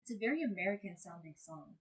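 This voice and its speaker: A woman's voice: mid-range voice, animated, fast talker, low-quality recording. A young woman on a live stream, chatting candidly, rambling and swearing casually between sung lines. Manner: sings along softly, then chats candidly and rambles. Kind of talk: casual chat with singing along.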